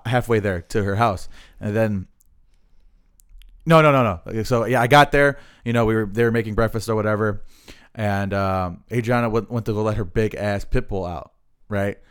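Male podcast host, low, smooth resonant voice, laid-back and chatty. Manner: relaxed, easygoing talk with fillers. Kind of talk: casual podcast chat.

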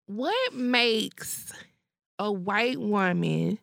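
A woman co-hosting a podcast, chatting casually with relaxed, quick affirmations. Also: medium pitch, gravelly, dry recording, clean studio sound. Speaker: podcast co-host. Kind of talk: casual chat.

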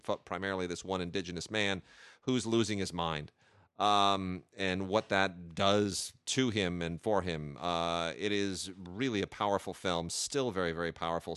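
A man hosts a casual chat about films, keen and full of hesitations. His low voice is bright and resonant. The recording is dry and close. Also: clean tone, no room sound. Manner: enthusiastic, with many hesitations and restarts. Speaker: podcast host reviewing film releases.

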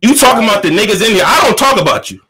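A male co-host with a high, bright voice who talks quickly. His pitch jumps around as he teases and pushes back. He sounds energetic and direct. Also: husky. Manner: pushy, lively, teasing. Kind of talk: casual debate.

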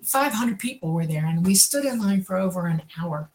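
A woman hosting a talk show, telling her own story calmly with a few fillers. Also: mid-range voice, normal speed. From US state of Georgia. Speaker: podcast host. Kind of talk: casual storytelling.

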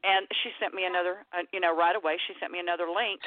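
Emotional woman caller on a tinny phone line. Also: lowish voice. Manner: emotional, animated, halting restarts. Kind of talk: telling a personal story on a call-in show.

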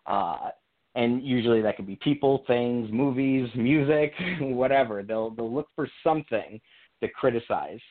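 Young man, mid-pitched voice, earnest and reflective, frequent restarts, phone-line sound, radio call-in. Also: measured pace. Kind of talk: casual conversational storytelling.

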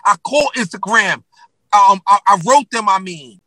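New york guy telling a story, slangy and loud, bright high voice, lots of ums. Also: normal speed, no room sound, rough recording. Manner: animated storyteller, slangy and profane, many fillers. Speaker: guest rapper. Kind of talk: casual storytelling interview.

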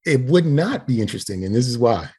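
A man's voice: medium pitch, big pitch swings, fast, mellow, husky. A man co-hosting a casual comedy chat, arguing his opinions bluntly and ranting. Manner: opinionated, makes blunt arguments and rants.

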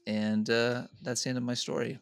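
A man's voice: medium pitch, little pitch movement, normal speed, gravelly, clean tone, dry recording. Podcast co-host, young man, blunt crude storyteller, dry sound. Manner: crude storytelling, lots of swearing. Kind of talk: casual chat.

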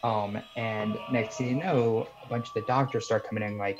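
A man's voice: fairly low pitch, steady tone, normal speed. A young man calling in to tell a story in a casual, rambling way, full of "like" and "you know". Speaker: caller sharing a story. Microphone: video call. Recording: muffled lo-fi call audio.

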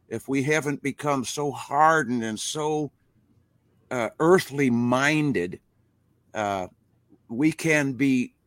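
An older man holds forth with the passion of a preacher, dropping folksy grammar as he goes. His voice sits at an ordinary male pitch and sounds dry, as if right on the mic. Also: a bit bright, no room sound. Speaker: interview guest, rock musician. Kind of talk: casual interview over a live stream.

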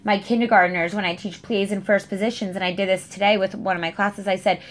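A woman's voice: medium pitch, fairly even intonation, quick pace. A young adult woman who teaches dance, talking casually with frequent fillers and restarts. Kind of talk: casual chat.

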